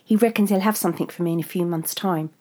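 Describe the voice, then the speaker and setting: A woman's voice: fairly low pitch, fast, warm tone, close to an everyday voice. A woman voicing a condescending young husband and father, proud of himself, in a story reading. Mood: smug.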